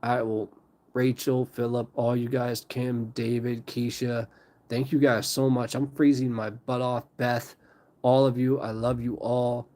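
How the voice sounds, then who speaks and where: A man chatting casually as host of a live stream, rambling and stacking fillers. His voice sits at an ordinary middle pitch. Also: level tone, measured pace, dark tone.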